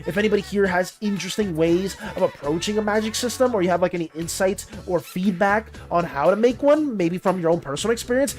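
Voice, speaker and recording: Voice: mid-range voice, fast, few pauses. A streamer chatting casually with viewers while drawing, reading chat aloud and rambling with many restarts and fillers. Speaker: streamer and artist. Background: faint background music.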